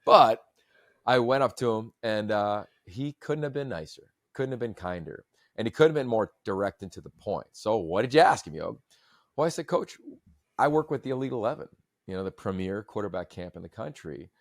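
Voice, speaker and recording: A man hosting a podcast, telling stories in a long-winded, animated way. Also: lowish voice, brisk, dry recording, studio quality. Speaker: podcast host. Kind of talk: casual chat.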